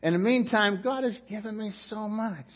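A man's voice: high voice, moderate pace, highs cut off. A middle-aged male pastor preaching a conversational sermon, full of rhetorical questions and restarts.

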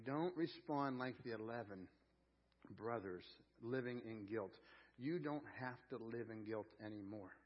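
A man preaching a sermon as pastor, telling homely stories in an emphatic, colloquial way. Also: on the high side. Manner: folksy storytelling, emphatic, colloquial. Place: church sanctuary. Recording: dull lo-fi sound with long hall reverb.

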